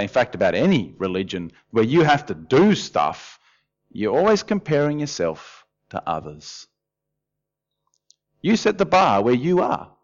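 Lively man preaching. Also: medium pitch, lo-fi sound. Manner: lively, conversational, often acts out quoted voices. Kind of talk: sermon. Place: church hall.

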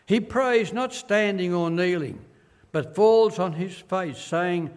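An older Australian man, a pastor, preaches a sermon slowly and earnestly, acting out quoted voices as he tells stories. His voice is high-pitched with a clean tone, followed by a long reverb tail.

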